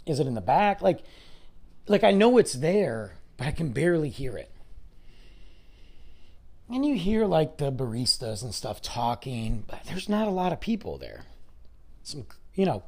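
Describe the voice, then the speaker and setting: Man, podcast host, casual storytelling, rambling with asides, middle pitch, very animated intonation. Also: unhurried. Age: adult with a school-age son. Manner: rambling, chatty, full of asides and fillers.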